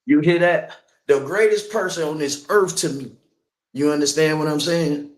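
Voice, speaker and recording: A man's voice: on the high side, moderate pace, echoey room. A man preaching in the street, telling a personal story with emphasis and asking listeners again and again whether they understand.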